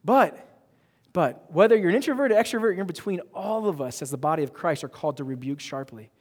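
A male pastor delivers a lively sermon, emphatic and playful with the people in front of him. His voice sits a bit higher than most men's. The sound carries a long reverb from the church hall. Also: quick pace. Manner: animated, emphatic, joking with the congregation. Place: church sanctuary.

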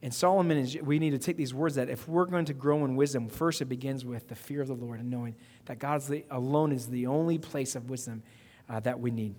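A man's voice: mid-range voice, fairly even intonation, a little mellow. A man preaching a sermon, building to emphatic outbursts and repeating phrases as he goes. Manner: preaching with emphatic rising outbursts and quick repetitions. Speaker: pastor. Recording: long reverb of a hall.

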